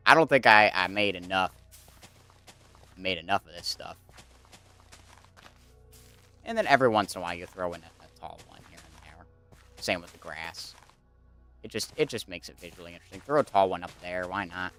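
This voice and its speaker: A young man with a slightly low voice chats casually on a stream as he builds in a game. He rambles and thinks aloud, leaning on fillers and restarting his sentences. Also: moderate pace, pauses often, pushed and bright, clean tone, soft background music. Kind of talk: casual chat while playing a building game.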